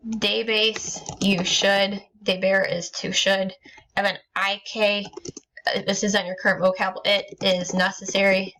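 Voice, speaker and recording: Lady teacher walking thru a grammar lesson, bright clear voice, lots of ums. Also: medium pitch, level tone, a little slow. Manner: explains step by step, many ums and restarts. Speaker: Spanish teacher. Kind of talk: recorded classroom lesson.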